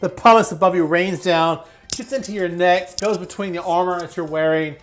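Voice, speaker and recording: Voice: medium pitch, fairly even intonation, normal speed, faint music behind. Laughing tabletop game master. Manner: laughs through vivid descriptions. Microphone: headset or desk mic in an online stream.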